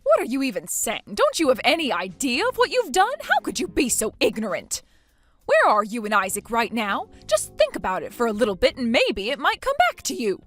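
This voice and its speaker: A woman's voice: huge pitch swings, a little fast, fairly bright tone, soft background music, exaggerated voice. Figure: scolding mother-in-law , read by a woman. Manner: indignant. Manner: accusing, rising shrill outbursts. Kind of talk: text message story reading.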